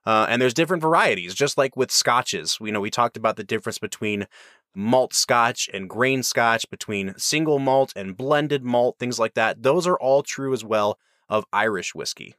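A man's voice: medium pitch, normal speed, a bit bright, no room sound, studio quality. Man hosting a casual whiskey review. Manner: enthusiastic, explanatory, rambling asides.

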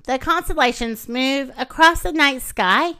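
A woman voicing a calm planetarium guide who explains the star pictures in a children's storybook reading. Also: high-pitched, measured pace.

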